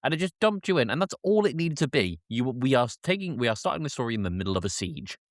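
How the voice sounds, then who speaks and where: A man's voice: mid-range voice, big pitch swings, fast talker, no room sound, clean studio sound. A man co-hosting a podcast, chatting and joking as he retells film scenes. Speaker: podcast co-host. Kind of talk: casual film review chat.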